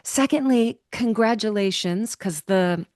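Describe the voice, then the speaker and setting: A woman hosting a podcast, reading a heartfelt guest introduction and chatting expressively, with emphatic upward swings when excited. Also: mid-range voice, a little slow, no echo, clean studio sound. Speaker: podcast host. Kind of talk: scripted introduction and casual interview chat.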